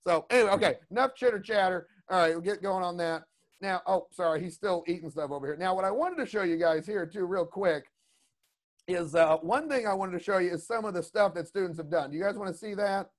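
Chatty high-voiced male instructor. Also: fairly quick. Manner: rambling, chatty, lots of "you know what I mean". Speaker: creature design instructor. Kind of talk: casual online class talk. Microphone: video call.

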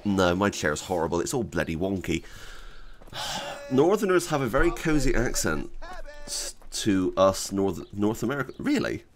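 A gaming YouTuber from Bath with a West Country English accent, chatting in a rambling, self-deprecating way over gameplay. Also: male voice, fairly low pitch, sing-song, normal speed. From Bath, England. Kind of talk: casual gameplay commentary.

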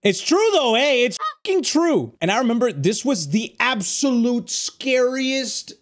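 A man's voice: very high voice, big pitch swings, a little slow. A young man giving casual reaction commentary on his old clips, joking, laughing and swearing freely.

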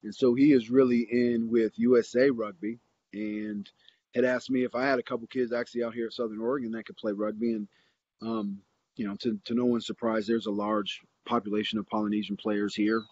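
A middle-aged man spins a long, animated anecdote, full of "um"s and restarts as he goes. His voice comes across dry and close, but a little dull and lo-fi, like a remote interview call. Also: medium pitch, brisk, breathy edge, dry recording. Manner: rambling, animated anecdote with many fillers and restarts. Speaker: interview guest, football coach. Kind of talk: casual storytelling.

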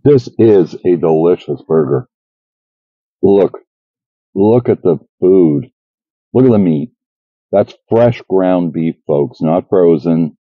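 A man's voice: low-pitched, lively intonation, slow, long pauses, no echo, narrow, tinny audio. A man doing a casual food review vlog, chatty and enthusiastic, talking to his viewers as folks.

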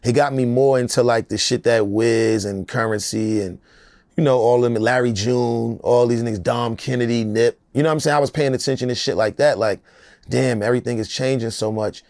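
A man's voice: medium pitch, steady tone, brisk, darkish tone, dry recording, studio quality. A middle-aged American man, a rapper in an interview, talking in a loose, emphatic, streetwise way. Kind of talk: casual interview talk.

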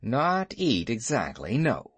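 A man voicing a brave young male mongoose who talks in a sharp, urgent, scolding way. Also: mid-range voice, huge pitch swings, slow pace, breathy edge, dry recording, exaggerated voice.

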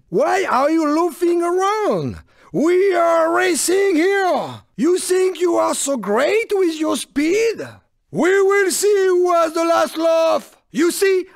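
A man's voice: very high voice, creaky, dry recording, clean studio sound, exaggerated voice. An actor playing a shifty little male French car in a video game, taunting rivals in a theatrical French accent. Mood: menacing. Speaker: game character.

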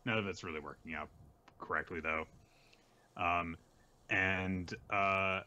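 A man hosting a podcast, casually recapping a manga chapter and halting often with fillers. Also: low-pitched, steady tone, pushed and bright, dull audio, a little hiss or hum. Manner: rambling, halting with many fillers. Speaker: podcast host.

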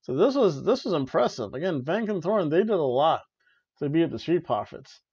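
A man's voice: on the high side, big pitch swings, a little fast, a little mellow, husky, dry recording, dull audio. Rambling casual wrestling-podcast man. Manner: rambling, joking, frequent "uh" and "like". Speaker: wrestling review podcast host.

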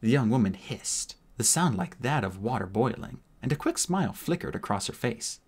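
A man reading a fantasy novel aloud as a casual audiobook narrator, expressive and doing voices for the characters. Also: medium pitch, normal speed, husky.

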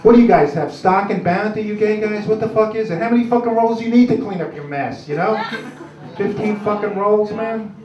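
A man's voice: high-pitched, brisk, darkish tone. A man doing a crude, rambling stand-up routine on a club stage. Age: 60s. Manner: crude, gruff, rambling with many "uh"s. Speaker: stand-up comic. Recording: roomy, distant, dull club recording.

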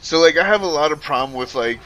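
A man streaming, ranting casually to his chat in an animated, profane, rambling way with frequent self-corrections. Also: a little high, quick pace.

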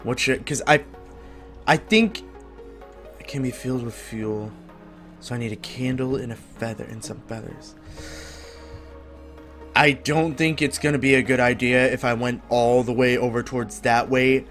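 A man's voice: medium pitch, fairly even intonation, moderate pace, pauses often, fairly bright tone, faint music behind. Upbeat man chatting over gameplay. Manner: upbeat and rambling, swears casually. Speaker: gaming video host. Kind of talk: casual gameplay commentary.

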